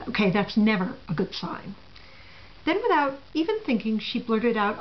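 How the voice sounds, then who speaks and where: A woman's voice: fairly high pitch, big pitch swings, moderate pace. Middle-aged lady telling a story, dry sarcastic asides, dull lo-fi recording. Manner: sarcastic, wry. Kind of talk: first-person storytelling monologue.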